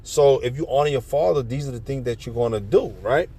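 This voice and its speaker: Gravelly-voiced dude reading bible verses then riffing on em in street slang. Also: male voice, mid-range voice, fairly quick, mellow. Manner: reads verses then riffs in slangy, profane commentary. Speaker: street preacher. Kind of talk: scripture reading with commentary.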